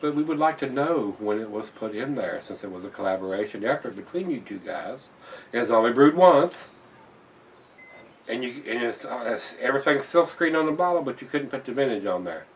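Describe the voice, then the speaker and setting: A man's voice: mid-range voice, animated, a little fast, recorded from a distance, a little hiss or hum. A man reviewing a beer in a casual vlog, blunt and plain-spoken, swearing when annoyed and repeating himself.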